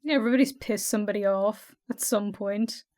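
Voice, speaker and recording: A woman's voice: mid-range voice, a little fast, a little mellow. A woman co-hosting a casual podcast, chatting bluntly and laughing often. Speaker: podcast co-host.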